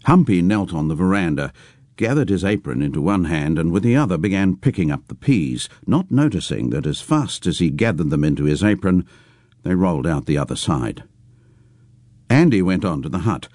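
Deep-voiced male storyteller, expressive, dry close sound. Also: no echo. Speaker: reader. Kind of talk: storybook reading.

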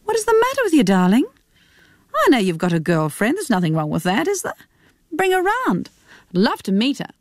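A woman's voice: fairly high pitch, wildly swooping pitch, a little fast, no room sound, studio quality, pitched above the performer's own voice. A woman voicing a fussy, prying middle-aged mother on the phone, pressing her son with insistent questions in a radio reading of a novel. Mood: coaxing.

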